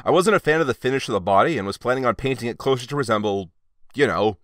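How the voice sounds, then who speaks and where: A man's voice: medium pitch, expressive, fast talker, fairly bright tone, dry recording, studio quality. A man giving a casual, wry toy review with chatty, sarcastic asides.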